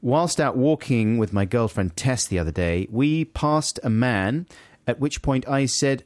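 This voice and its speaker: A man's voice: mid-range voice, a little slow, few pauses, no echo. A man co-hosting a casual chat show, reading listener emails aloud and laughing often. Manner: animated, laughing, puts on voices for quoted lines. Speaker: podcast co-host.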